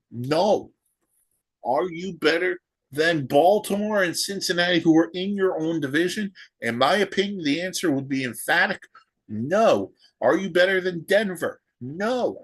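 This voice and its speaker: A man's voice: a little high, husky. A man hosting a solo sports podcast, ranting and firing off rhetorical questions. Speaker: podcast host.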